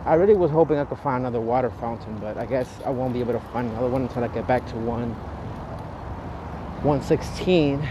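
A man doing a casual live walking vlog while playing a mobile game, chatty and profane, with loud exasperated outbursts. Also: mid-range voice, quick pace. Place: outdoors on a city street, walking. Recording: noisy city street, traffic behind.

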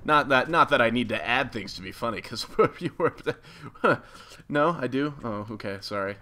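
Excitable young man narrating gameplay. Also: medium pitch, normal speed. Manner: excitable, jokey, self-mocking. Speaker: gaming video host. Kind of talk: casual gameplay commentary.

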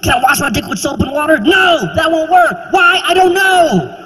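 A man doing a frantic shrill rock star. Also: lively intonation, moderate pace, long reverb tail, noisy background. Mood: panicked.

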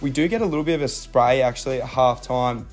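A man's voice: mid-range voice, fast, soft background music. A young man with an Australian accent talks casually over his own game footage, mixing coaching tips with self-deprecating asides and many fillers.

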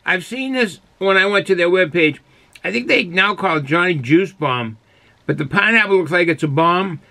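A man's voice: sits high, expressive, moderate pace, gravelly, sharp tone. A man casually reviewing a beer on his own channel, rambling and correcting himself as he goes. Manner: rambling, self-correcting, chatty.

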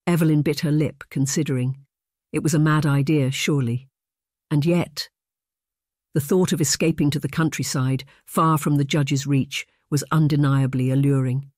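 An audiobook narrator reading a period romance in a measured, even way. The voice sits at a middling pitch. The recording is dry and close. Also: dry recording. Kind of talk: scripted narration.

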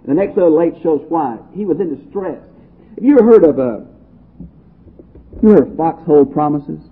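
A folksy male Bible teacher with a husky, slightly higher voice who reads scripture aloud and then talks it through in an easy, homespun way. The sound is thin and tinny, like it came down a phone line. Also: animated, moderate pace. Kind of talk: folksy Bible study lecture.

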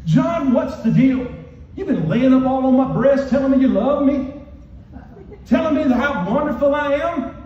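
A preacher acting out an exasperated man scolding his followers, high and incredulous. The voice is raised well above his usual pitch and sounds dark in tone. It echoes heavily through a big hall, picked up from far off on a dull recording. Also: lively intonation, normal speed. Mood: reproachful.

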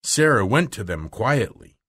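A man reading a children's novel aloud slowly and expressively for language learners. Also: lowish voice. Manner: slow, clear, expressive. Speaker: narrator.

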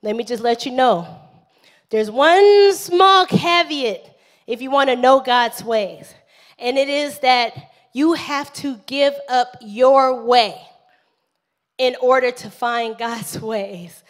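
Woman, pastor, high-pitched, animated live sermon, call-and-response. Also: slow. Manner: animated preaching, calls for amens, acts out prayers.

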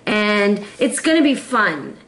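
A woman giving a casual, playful tarot reading to camera, chatty and quick to laugh. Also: medium pitch, big pitch swings, fairly bright tone, roomy sound. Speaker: tarot reader.

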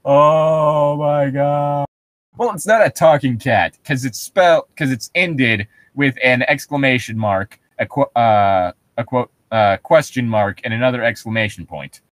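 Jokey male podcast co-host, lively pitch. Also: normal speed, hardly any pauses, no echo. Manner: jokey, laughs a lot, reads excerpts aloud. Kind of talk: casual podcast chat.

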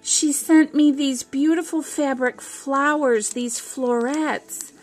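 A woman's voice: sits high, fairly even intonation, takes it slowly, faint music behind. A woman craft vlogger unboxing a gift package, gushing and exclamatory, with frequent gasps.

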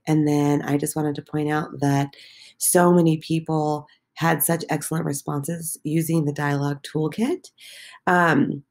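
A woman's voice: low-pitched, level tone, unhurried, darkish tone. A woman teacher walking her middle school class through the day's posts, encouraging, with many filler ums. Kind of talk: recorded class walkthrough.

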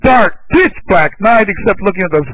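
A man preaching a sermon, telling stories with feeling and breaking into loud praise. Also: high-pitched, animated, moderate pace. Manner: emotional, rises to loud exclamations of praise. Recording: tinny phone-like lo-fi recording.

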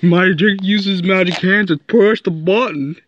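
A woman's voice: fairly low pitch, measured pace, no room sound. A woman in playful banter, teasing and goofing around with silly chanted noises. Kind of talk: playful banter over toys. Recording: muffled lo-fi with faint hiss.

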